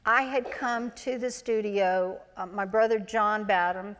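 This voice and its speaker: Sixties woman, mid-pitched, animated anecdotal storyteller, live auditorium with long reverb. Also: a little slow. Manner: chatty, animated, acts out quoted voices. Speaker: interview guest, former child actor. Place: large auditorium, live event.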